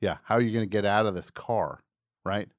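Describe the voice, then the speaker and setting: A man's voice: lowish voice, brisk, no room sound, clean studio sound. A man hosting a call-in talk show, chatting casually with rambling, jokey asides.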